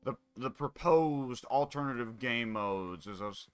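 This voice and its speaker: A man's voice: mid-range voice, animated, a little slow, smooth, dry recording, soft background music. A man chatting casually with a friend while gaming, rambling with frequent fillers. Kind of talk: casual chat.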